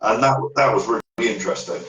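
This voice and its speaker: Man, deep voice, rambling paranormal storyteller, recorded off-mic in an echoey room. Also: brisk, far from the mic, a crowd in the background. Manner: rambling storyteller, trails off and restarts. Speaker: paranormal investigator guest. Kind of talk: casual podcast chat.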